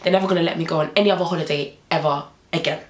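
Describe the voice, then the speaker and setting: A woman's voice: low-pitched, fairly even intonation, racing, roomy sound, low-quality recording. A young woman vlogger telling a story animatedly, acting out the dialogue.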